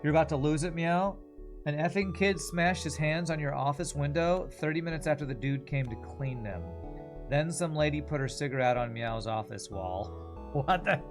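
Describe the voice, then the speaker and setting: Male game streamer, fairly high voice, casual and rambling, jokes at his own expense. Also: normal speed, music in the background. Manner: rambling, self-mocking, talks to the viewers. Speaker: streamer and gamer. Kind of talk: casual chat while playing a game.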